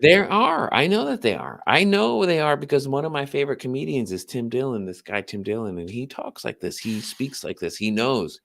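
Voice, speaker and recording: A man's voice: mid-range voice, very animated, moderate pace, creaky, hardly any pauses, fairly bright tone. A man co-hosting a casual late-night podcast, profane and emphatic, hammering the same point again and again. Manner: profane, emphatic, repeats his point over and over. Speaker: podcast co-host.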